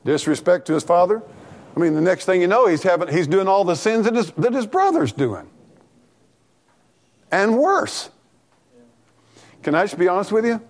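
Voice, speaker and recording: A man preaching an animated, folksy sermon in church, talking back and forth with the congregation and laughing along. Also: high-pitched, moderate pace, pauses often. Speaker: pastor.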